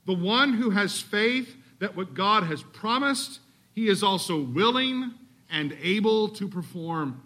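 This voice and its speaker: Male pastor, sermon, high voice, very bright tone, emphatic rhetorical questions. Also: lively intonation, slow pace. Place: church sanctuary.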